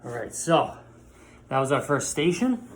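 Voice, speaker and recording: A man's voice: medium pitch, sing-song, measured pace. A man leads a home workout class, cheering people on through each exercise while he does it with them. His breath runs short as he talks. The sound has a roomy echo and a faint hiss behind it. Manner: upbeat coaching while exercising. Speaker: PE teacher.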